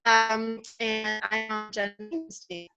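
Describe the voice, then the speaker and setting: A woman's voice: a little high, monotone, creaky, dull audio, over music. A woman introducing herself hesitantly on a video call. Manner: hesitant, halting.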